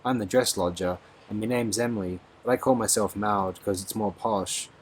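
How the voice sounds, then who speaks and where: A man's voice: on the low side, fairly even intonation, normal speed, slight background noise, lightly acted. A man voicing a cheerful, good-natured young woman with a thick South London accent, chatty and breezy. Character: cheerful young Cockney girl in finery.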